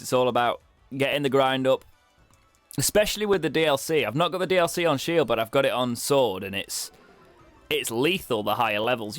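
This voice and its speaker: A man's voice: mid-range voice, no echo. A young British man giving chatty, wry commentary as he plays a video game, with self-mocking asides. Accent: British English. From Britain. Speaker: let's play streamer. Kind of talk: casual gameplay commentary.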